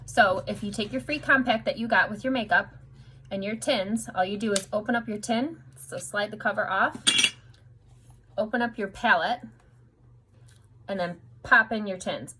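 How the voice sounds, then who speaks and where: A woman's voice: mid-range voice, noisy background. A woman makeup artist giving a casual, chatty makeup tutorial to her customers, upbeat and self-deprecating.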